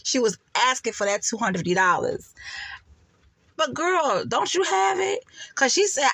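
A woman's voice: sits high, big pitch swings, a little slow, gravelly, fairly bright tone, no echo. A woman, giving sassy, laughing gossip commentary and calling her listeners honey and child. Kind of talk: casual commentary vlog.

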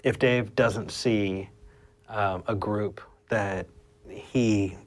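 A man co-hosting a call-in show, talking in a relaxed way with lots of ums and uhs. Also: lowish voice. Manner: relaxed, halting with many fillers. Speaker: co-host.

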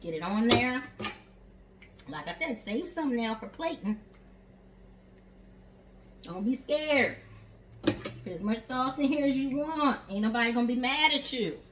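High-voiced and animated, a Southern US home chef speaks a little slowly with long pauses during a chatty, encouraging demo in her kitchen. She calls her viewers "y'all" and "honey." The echoey recording picks her up from a distance against a noisy background.

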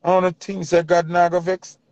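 Gravelly Jamaican man ranting passionately. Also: high voice, completely flat delivery, brisk, darkish tone, dry recording. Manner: passionate, preachy, Patois-heavy rant. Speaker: vlogger. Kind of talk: ranting commentary. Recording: dull lo-fi dry sound.

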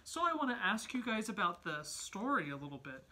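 A woman in her thirties leading a home Sunday school lesson for children, speaking gently and encouragingly and reading a storybook aloud. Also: mid-range voice, big pitch swings, brisk. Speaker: Sunday school teacher, parent. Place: family home.

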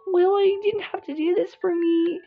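A woman voicing an emotional young new mother, speaking in a high, gushing, excitable way on a dull lo-fi recording. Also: moderate pace, a little hiss or hum. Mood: touched.

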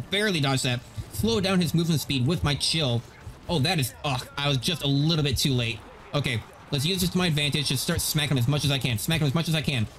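A man giving gameplay commentary as a video host, animated and ranting. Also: on the high side, fast talker. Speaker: gaming YouTuber.

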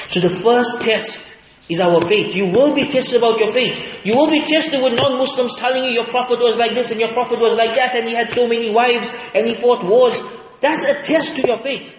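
High-voiced man preaching in an echoey hall. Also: a little hiss or hum. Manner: rhetorical questions, emphatic and animated. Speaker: lecturer. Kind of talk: Friday sermon lecture. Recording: echoey hall, faint ambience.

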